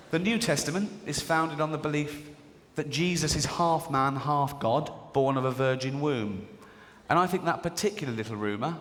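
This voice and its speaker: A man's voice: on the high side, very noisy. A man in his forties with an English accent doing a live stand-up routine, mocking and acting out characters in silly voices, giggling at his own jokes. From England. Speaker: stand-up comedian. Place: large theatre stage. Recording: live theatre recording with long reverb and audience. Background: audience laughter.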